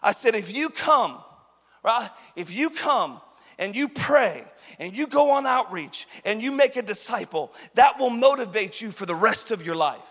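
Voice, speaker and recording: High-voiced man preaching with passion. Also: expressive, measured pace, long reverb tail. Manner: impassioned preaching, shouting and sing-song rises. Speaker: pastor. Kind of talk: sermon.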